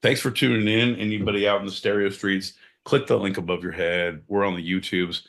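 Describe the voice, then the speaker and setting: A man's voice: lowish voice, level tone, brisk, a bit bright. A man co-hosting a podcast in rowdy, profane casual chat, breaking into mock-announcer bits. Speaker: podcast co-host.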